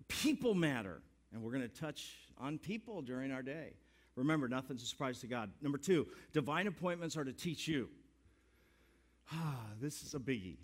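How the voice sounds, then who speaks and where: A man's voice: mid-range voice, lively intonation, normal speed. A middle-aged male pastor giving a sermon, telling folksy stories with jokes and building to emphatic exhortation.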